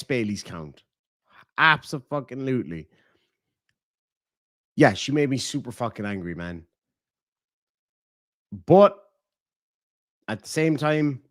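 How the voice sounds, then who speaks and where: Irish male streamer, blunt and profane, mid-pitched, dry close sound, casual donation-reading chat. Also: no room sound. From Ireland. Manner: blunt and profane, animated swings in loudness. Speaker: livestream host.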